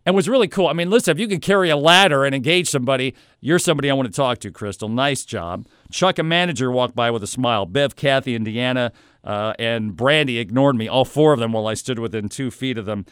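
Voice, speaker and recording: A man casually telling a story about a shopping trip, in an animated, conversational way with playful asides. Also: mid-range voice, quick pace, smooth, no echo, studio quality.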